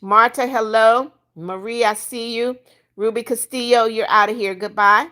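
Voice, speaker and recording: Reading her chat out loud on a casual livestream, this older woman bluntly boots anyone causing trouble. Her voice sits on the high side, with fairly even intonation, normal speed, and a sharp tone.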